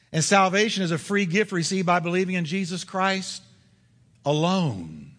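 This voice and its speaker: A man preaching a sermon as pastor, driving points home with repetition and slowing down on key words. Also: high-pitched, fairly bright tone, in a large hall.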